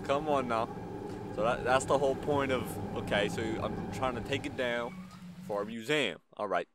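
A man hosting a gaming channel, giving excitable, chatty let's-play commentary and talking back to the characters in the game. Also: mid-range voice, normal speed, noisy background.

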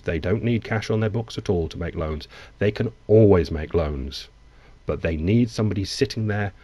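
A man reading news articles aloud and adding blunt, sarcastic commentary, with halting restarts. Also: low voice, warm tone, no echo. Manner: blunt, sarcastic asides between read-out quotes; loose delivery with halting restarts. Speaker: economic commentary host.

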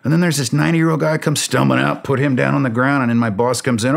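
A middle-aged man, a former special operations soldier, telling a war story in a podcast interview, animated and blunt, acting out the dialogue. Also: mid-range voice, a little fast, vocal fry.

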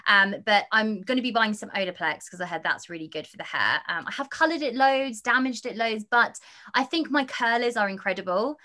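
A woman's voice: mid-range voice, bright, forceful tone. A woman with a British accent, chatting effusively as a guest on a casual interview show. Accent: British English. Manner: chatty, effusive, quick asides. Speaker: radio and TV presenter, guest.

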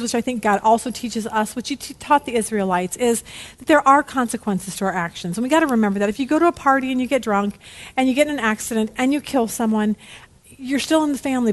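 Middle-aged woman, slightly high voice, candid casual Bible study teacher, animated, keeps asking okay.

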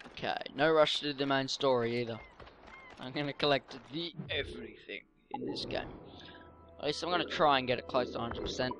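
A man's voice: mid-range voice, fairly quick, music in the background. A man giving casual, rambling commentary while playing a video game. He often gets tongue-tied and swears offhandedly. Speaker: let's play gamer.

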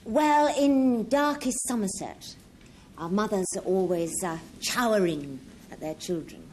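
A woman's voice: mid-range voice, animated, a little slow, a little mellow, a little hiss or hum, low-quality recording. A woman on a game show panel, chatty and giggly, spinning a short made-up definition. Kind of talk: game show banter and storytelling.

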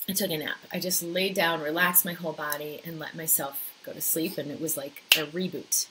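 A woman in her thirties telling a personal story in a talk, acting out her own thoughts with lively quoted asides. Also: deep voice, a little fast, hardly any pauses, slight background noise, rough recording. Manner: animated storytelling, acts out her own inner voice. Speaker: speaker.

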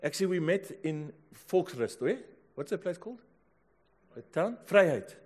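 A middle-aged South African man preaching in a church. His voice sits a little high for a man, and he tells stories in a lively way, dropping to near-whispers and then rising to loud calls. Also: moderate pace. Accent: South African English. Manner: storytelling, swinging from hushed to loud exclamations. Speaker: pastor. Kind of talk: sermon.

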